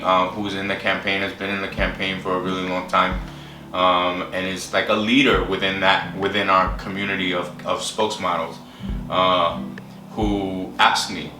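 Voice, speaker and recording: Candid man with a low voice. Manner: candid, halting, with many fillers and acted quotes. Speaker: interviewee sharing his story. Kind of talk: personal storytelling. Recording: roomy distant mic with music behind.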